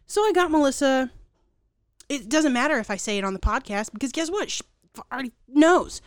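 A young woman co-hosting a podcast in casual chat, telling stories and acting out quotes with lively emphasis. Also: high voice, brisk, no echo, clean studio sound. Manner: animated storytelling, acts out quotes. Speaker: podcast co-host.

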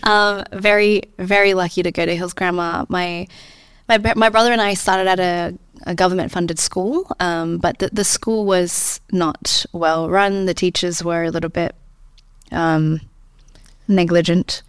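A woman's voice: fairly low pitch, steady tone, a little slow, clean tone, dry recording. A woman, a podcast guest speaking earnestly and reflectively about her values and her upbringing. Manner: earnest, reflective, warm laughs. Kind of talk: conversational interview.

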